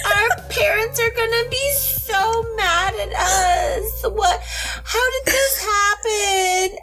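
A woman's voice: slow, pushed and bright, soft background music, exaggerated voice. A woman voicing a vain, dramatic, spoiled rich teenage girl who wails and gushes theatrically. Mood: frantic. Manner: shrill, theatrical wailing and gushing.

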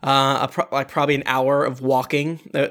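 A man narrating as game master of a tabletop game, halting with many fillers and restarts. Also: medium pitch, little pitch movement, a bit bright.

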